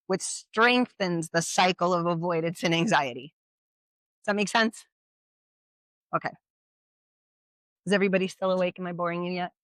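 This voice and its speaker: A workshop presenter talks through an informal educational session at a middle pitch, in a dry, close-sounding recording. The delivery is conversational and loose. They keep tossing rhetorical questions and checks like "right?" to the listeners. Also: a bit bright, no echo. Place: community event at a brewery.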